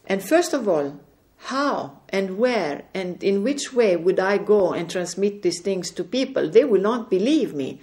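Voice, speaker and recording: Earnest woman speaker, soft dark tone, recounting faith experiences at home. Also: mid-range voice, lively intonation, unhurried. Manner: earnest, gently recounting conversations. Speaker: religious speaker. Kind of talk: spiritual testimony talk. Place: indoors at home.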